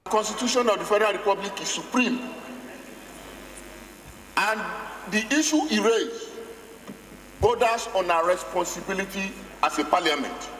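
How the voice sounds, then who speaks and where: A Nigerian man speaks urgently on a parliament floor, repeating pointed questions. His voice is unusually high for a man, and it echoes through a large hall with long reverb. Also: expressive, normal speed, pauses often, a bit bright, a little hiss or hum. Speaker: lawmaker. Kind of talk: parliamentary speech. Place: legislative chamber. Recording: echoey chamber from a distance.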